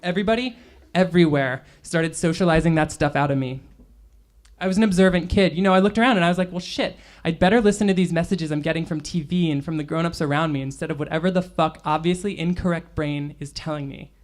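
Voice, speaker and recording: Woman author reading her novel out loud at a bookstore, super casual and sweary, chatty first person. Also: low voice, fast talker. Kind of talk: live fiction reading.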